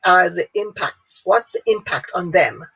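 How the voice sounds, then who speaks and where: A woman's voice: lowish voice, measured pace, a bit bright, breathy edge. Jamaican woman telling her story animatedly. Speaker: guest, speaker and businesswoman. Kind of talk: interview storytelling. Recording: dull lo-fi audio.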